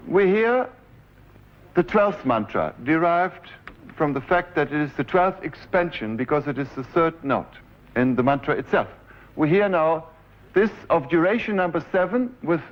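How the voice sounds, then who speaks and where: In a dull-sounding 1970s recording, a man in his forties with a German accent lectures about his own composition with a live demonstration. His voice is fairly high and animated and his pace measured. He explains each step, guides the players, and occasionally hums phrases over faint piano music.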